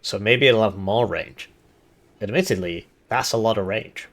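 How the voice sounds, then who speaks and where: A man with a raspy voice giving casual commentary as he reviews a strategy game's update, thinking aloud with fillers and restarts. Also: fairly low pitch, moderate pace, a bit bright. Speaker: gaming YouTuber reviewing a devblog.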